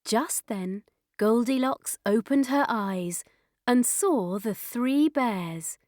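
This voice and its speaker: A woman reading a children's story aloud in a slow, clear, expressive way. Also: a little high.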